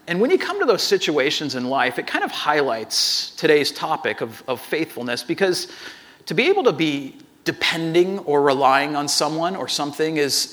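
Man, preacher, high voice, bright tone, storytelling, lively acted-out dialogue. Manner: animated storyteller, acts out dialogue with restarts. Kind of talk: sermon storytelling.

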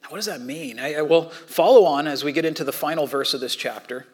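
A man preaching a sermon in a conversational way, swinging between loud and hushed. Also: fairly high pitch, a little fast, breathy edge. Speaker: pastor.

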